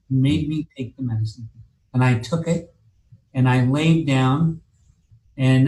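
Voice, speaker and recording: A man's voice: medium pitch, a little mellow, reverberant, slight background noise, low-quality recording. A man telling a long personal story in casual talk, rambling and profane, with many restarts and fillers. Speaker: guest telling his story.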